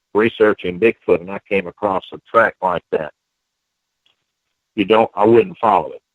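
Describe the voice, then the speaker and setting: Halting man on a tinny phone line. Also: on the low side, no room sound. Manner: halting, many restarts and fillers. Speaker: guest researcher. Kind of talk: phone-in radio interview.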